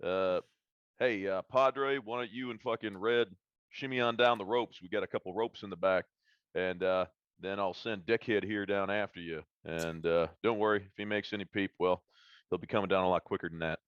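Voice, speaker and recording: A man voicing a gruff, foul-mouthed male ex-military tough guy in an online tabletop game, cursing and barking orders over a dull, dry mic. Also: sits low, fairly even intonation, moderate pace, dry recording, lightly acted. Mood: menacing. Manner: swears constantly, barks orders.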